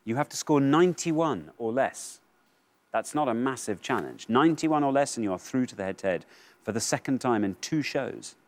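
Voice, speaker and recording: A man hosting a television quiz show, upbeat and teasing, with bursts of excitement when answers are revealed. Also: mid-range voice, moderate pace. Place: television studio.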